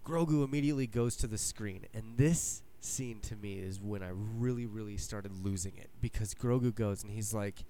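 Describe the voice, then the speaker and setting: Excitable man gushing in casual chat. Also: on the low side, normal speed, few pauses. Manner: animated and swearing, acts out his own reactions.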